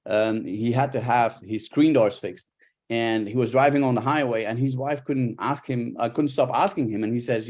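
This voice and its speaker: A middle-aged man, a body language coach, giving a live workshop talk with lively, expressive intonation. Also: medium pitch, moderate pace.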